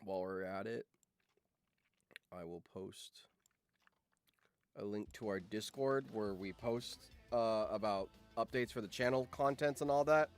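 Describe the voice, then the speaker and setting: A man hosting a channel, giving casual reaction commentary on a game simulation, swinging from low muttering to excited shouts. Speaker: channel host and streamer.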